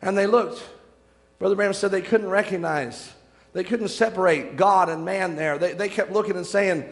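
A man preaching a fervent sermon, slowing into drawn-out emphasis when he reads scripture. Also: high-pitched, long reverb tail.

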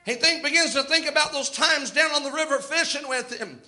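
A man's voice: extremely high pitch, fairly quick, bright, forceful tone. A man preaching a sermon, telling the story with impassioned, dramatic rises and outbursts.

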